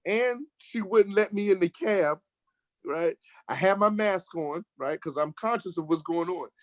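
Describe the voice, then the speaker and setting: An American man telling a lively road-trip story in casual conversation, getting worked up when he acts out arguments. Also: high-pitched, unhurried, dry recording. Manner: animated storyteller, rising sharply when acting out arguments. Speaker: guest telling a travel story. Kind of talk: casual storytelling in an online talk show.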